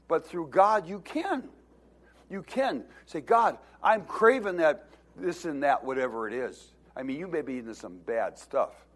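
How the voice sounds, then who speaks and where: In a high voice, a male pastor preaches, calling his congregation to respond by echoing his phrases. His delivery swells into loud emphasis at points.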